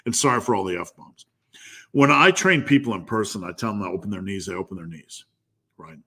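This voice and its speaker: A man's voice: fairly low pitch, animated, a little fast, pushed and bright. A man coaching strength training in a live Q&A, blunt and profane, getting fired up as he drives his point home with repetition.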